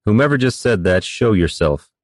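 A man's voice: fairly low pitch, animated, normal speed, vocal fry, a little mellow, no room sound, clean studio sound. Kyrus, a man doing a formal young wizard. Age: young adult. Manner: formal, stiff, old-fashioned diction. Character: thin bookish young wizard, formal and proud.

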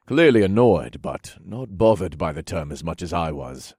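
A man reading a novel aloud in measured first-person narration. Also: low voice, breathy edge, no echo, clean studio sound. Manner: steady, measured storytelling. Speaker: audiobook narrator.

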